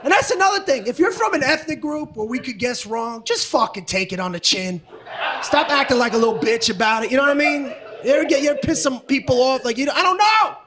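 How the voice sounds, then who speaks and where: High-voiced, ranting male stand-up comic. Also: animated, fast. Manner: profane, ranting, brash. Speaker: stand-up comedian. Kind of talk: stand-up comedy set. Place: comedy stage with live audience. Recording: live audience noise.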